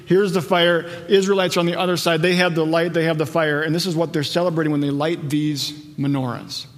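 A man delivering a sermon with a slightly high voice, carried by long reverb as if in a large hall. He slows down for scripture and climbs higher and louder when he drives a point home. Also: fairly even intonation. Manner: builds in pitch and loudness when stressing a point, slows for scripture. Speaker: pastor.

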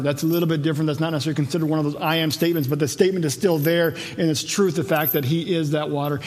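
Man, sermon, conversational Bible teaching, slightly high voice, long hall reverb. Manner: conversational Bible teaching, rhetorical questions, acts out dialogue. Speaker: pastor.

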